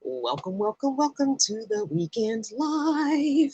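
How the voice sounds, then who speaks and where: A woman's voice: high-pitched, big pitch swings, takes it slowly, mellow, slightly rough, no room sound, highs cut off. A woman hosting a casual live-stream chat, chatty and laughing often as she greets viewers by name, her voice groggy with a scratchy morning throat. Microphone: headset.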